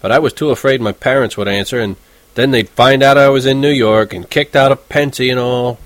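A man's voice: mid-range voice, fairly even intonation, a little fast, no room sound, poor audio. A man reading a first-person story aloud in a casual, wry, conversational way. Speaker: audiobook narrator. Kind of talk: first-person audiobook narration.

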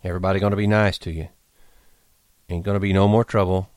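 A man voicing a weary, protective ranch hand who speaks quietly and tiredly in an audiobook reading. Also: low-pitched, flat delivery, quick pace, no echo, close to an everyday voice. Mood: quiet soothing.

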